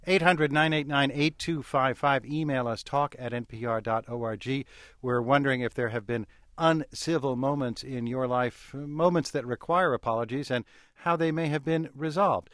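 A man hosting a radio call-in show, speaking in a measured, hesitant way with frequent fillers. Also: medium pitch, a bit bright, no room sound, studio quality.

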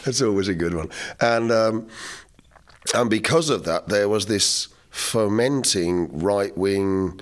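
A man, a musician guest telling wry, laughing anecdotes in an interview. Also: low-pitched. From English Midlands. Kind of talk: storytelling interview chat.

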